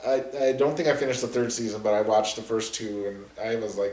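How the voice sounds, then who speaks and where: A man's voice: fairly low pitch, fairly even intonation, brisk, darkish tone, roomy sound. A man chatting casually while commenting on a movie, joking loosely and laughing often. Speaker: film commentator.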